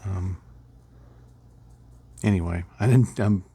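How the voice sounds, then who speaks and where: A man's voice: deep voice, slow pace, warm tone, husky. A middle-aged man casually rambling through a miniature painting tutorial, chuckling at his own slips.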